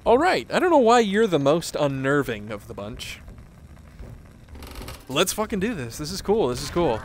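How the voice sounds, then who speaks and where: Excitable man with a lively, swinging voice. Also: on the high side, moderate pace, a little hiss or hum. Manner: excitable, swears casually, laughs often. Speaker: gaming streamer. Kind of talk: casual VR gameplay commentary. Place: home room, seated on the floor.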